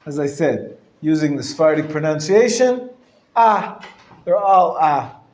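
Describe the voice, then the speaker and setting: Slow, patient rabbi in an echoey classroom. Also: male voice, fairly high pitch, lively intonation, a little mellow. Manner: patient, explanatory, repeats words slowly to demonstrate sounds; clears throat and chuckles often. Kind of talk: live classroom lesson on Hebrew reading. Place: lecture room. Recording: roomy echo from a live class.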